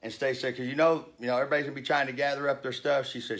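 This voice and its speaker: A man's voice: mid-range voice, level tone, very fast, fairly bright tone, a little hiss or hum. A man in his fifties telling a story in a heated rant, blunt and profane. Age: 50s. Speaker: vlogger.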